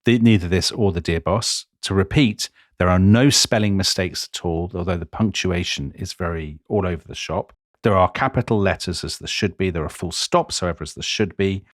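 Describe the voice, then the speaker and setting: A man with a low, deep voice recounts history for a podcast, emphatic and chatty, throwing in casual asides. The sound is dry and close, with no room around it. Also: normal speed, dry recording. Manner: lively, emphatic narration with asides. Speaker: podcast co-host. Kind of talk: conversational history storytelling.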